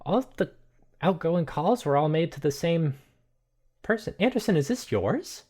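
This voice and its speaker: A man's voice: fairly high pitch, lively intonation, normal speed, a little mellow, breathy edge, voice pushed up. A man voicing a blunt young woman who demands answers sharply. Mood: suspicious.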